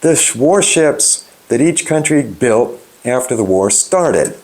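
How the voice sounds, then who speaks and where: A man's voice: medium pitch, expressive, slow pace, darkish tone. An older man giving an unscripted, opinionated political monologue, emphatic, with frequent fillers and restarts. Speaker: channel host giving political commentary.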